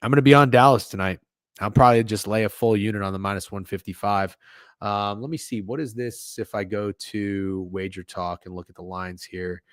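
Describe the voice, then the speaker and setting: A man's voice: on the low side, fairly even intonation, brisk, no echo. Profane sports-betting man ranting, dry sound. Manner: profane, swings from mumbling to loud outbursts. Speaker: sports betting podcast host. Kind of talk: casual livestream rant.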